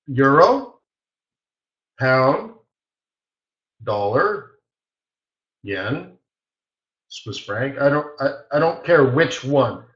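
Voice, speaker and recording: A man's voice: mid-range voice, echoey room, muffled recording. A man hosting a live trading webinar, telling stories with lots of laughter and acted-out quotes. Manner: animated anecdote teller who laughs often and acts out quoted voices.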